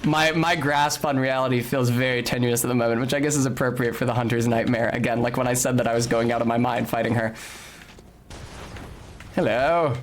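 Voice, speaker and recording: A man's voice: medium pitch, little pitch movement, fast talker, hardly any pauses, slight background noise. A young man giving casual, articulate commentary while playing a video game, with a slightly academic-sounding manner and bursts of swearing and yelps. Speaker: streamer.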